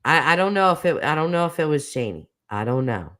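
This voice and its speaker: A woman in her forties runs a casual livestream and reads out viewer comments as she goes. She talks in a chatty, self-mocking way and laughs often. Her voice sits fairly low but moves through a wide range. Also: big pitch swings, brisk, fairly bright tone. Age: 40s. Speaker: livestream host.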